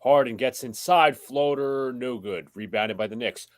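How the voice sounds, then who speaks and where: Fan-stream play-by-play caller, young New York man, brisk and plain. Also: mid-range voice, dry recording. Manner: quick, matter-of-fact calling of plays. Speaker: play-by-play commentator. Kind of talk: live play-by-play commentary.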